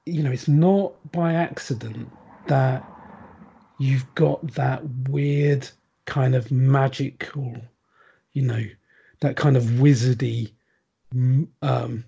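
A man's voice: medium pitch, fairly even intonation, takes it slowly, vocal fry, long pauses, warm tone, breathy edge, muffled recording. A man chatting casually on a podcast, rambling with lots of ums and restarts. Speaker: podcast guest. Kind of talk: casual chat.

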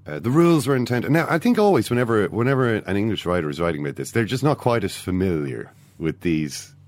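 A man's voice: on the low side, animated, fast talker, darkish tone, no room sound. A man hosting a casual football discussion podcast, talking in a rambling way with many fillers and restarts. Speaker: podcast host.

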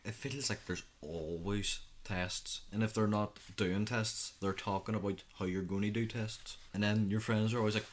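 Low-voiced teen boy. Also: brisk, slight background noise. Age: 13, teenager. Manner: chatty storyteller, acts out his own reactions. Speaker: youth podcast co-host. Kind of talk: casual chat.

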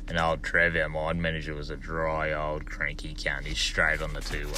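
A man's voice: very deep voice, monotone, normal speed, few pauses, pushed and bright, slight background noise. An Australian man leaving a recorded voice message from his car, telling a crude yarn in a laconic way. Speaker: caller. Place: in a vehicle on the road.

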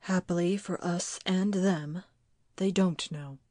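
A woman's voice: fairly even intonation, slow pace, mellow, no echo, studio quality. A woman reading a story and voicing a bitter, resentful grown son who answers in a curt, grim way. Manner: curt, grim, low and clipped.

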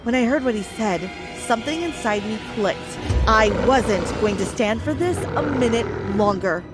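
Higher-voiced woman telling a first-person story. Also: lively intonation, normal speed, over music. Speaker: narrator. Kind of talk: storybook narration.

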